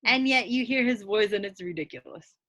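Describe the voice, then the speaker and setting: A woman co-hosting a podcast, chatting casually and lively, often checking in with "right?". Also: medium pitch, brisk, lo-fi sound. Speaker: podcast co-host. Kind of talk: casual chat.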